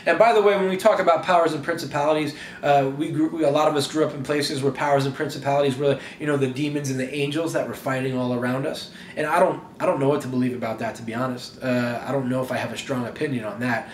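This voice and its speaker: A man preaching a sermon in an animated, conversational way that often repeats words as he goes. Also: mid-range voice, quick pace, hardly any pauses, roomy sound, slight background noise. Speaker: pastor.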